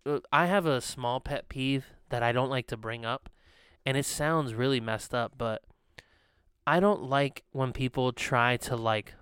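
A man's voice: mid-range voice, fairly bright tone, smooth, dry recording, studio quality. Rambling laid-back podcast guy. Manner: rambling storyteller, full of fillers and laughs. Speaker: podcast co-host. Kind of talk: casual chat. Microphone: studio podcast mic.

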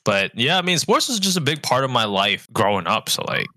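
A man in casual podcast chat from a remote call, earnest and halting, with many restarts. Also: medium pitch, sing-song, pushed and bright, no echo. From New York. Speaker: podcast co-host.

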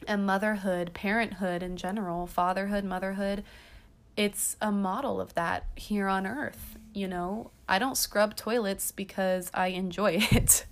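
A woman in her thirties hosting a casual podcast, talking chattily with lots of ums and restarts. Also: medium pitch. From half Irish. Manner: chatty, rambling, frequent ums. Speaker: podcast host. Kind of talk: casual chat.

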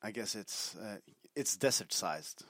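A man's voice: fairly low pitch, lively intonation, unhurried, a bit bright, dry recording. A man in a casual podcast chat, playful and goofy, often restarting his sentences. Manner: playful, stumbling restarts, wordplay.

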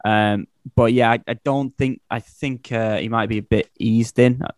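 A man's voice: medium pitch, fairly even intonation, moderate pace, darkish tone, no echo, clean studio sound. A man hosting a casual football podcast, talking with many fillers and restarts. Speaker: podcast host.

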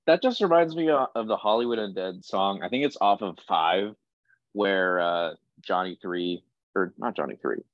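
A young man co-hosting a casual album review podcast, enthusiastic and quick to laugh. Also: deep voice, no echo, lo-fi sound. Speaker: podcast co-host.

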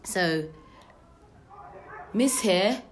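A young woman, telling a story in casual chat, animated and gossipy, full of slang. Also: medium pitch, very slow, a little hiss or hum.

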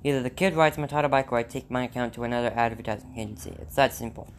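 A man reading aloud, voicing a loud, bossy, cigar-chomping male company president who shouts his demands. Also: medium pitch, racing, a little hiss or hum, natural voice. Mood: demanding.

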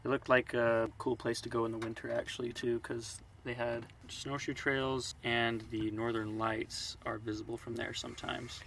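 A man's voice: mid-range voice, moderate pace, gravelly, few pauses, a little hiss or hum. A young man co-hosting a casual travel podcast, easygoing and laid back in his replies. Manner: relaxed, easygoing, brief replies. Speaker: podcast co-host.

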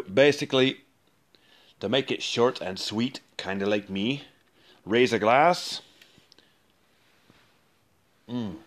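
A man putting on a deep Scottish dwarf shaman. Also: fairly bright tone. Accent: put-on Scottish. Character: boisterous hard-drinking male dwarf shaman. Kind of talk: in-character role-play monologue.

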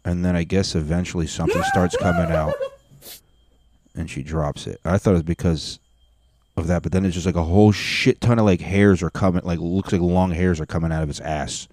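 A man's voice: deep voice, very animated, a little fast, darkish tone, no echo. A man hosting a reaction video, giving casual, blunt and profane commentary with sarcastic asides.

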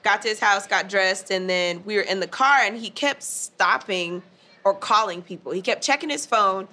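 A woman's voice: mid-range voice, moderate pace, bright, forceful tone. A woman in casual chat, animatedly telling a story, laughing often and acting out what people said. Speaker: guest telling her proposal story.

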